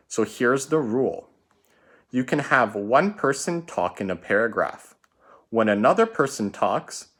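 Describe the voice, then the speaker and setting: A man leads a recorded writing lesson for his students and walks through each punctuation rule one careful step at a time. His pitch rises and falls a lot as he explains. He keeps checking in with a quick "right?" as he goes. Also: a bit bright. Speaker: teacher.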